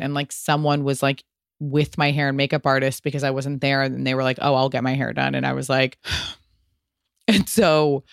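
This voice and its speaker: A woman's voice: deep voice, clean tone, no echo, clean studio sound. A woman in her thirties hosting a podcast, telling a story in a chatty way, full of "like" and casual swearing. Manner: chatty, frequent "like" fillers and swearing. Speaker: podcast host.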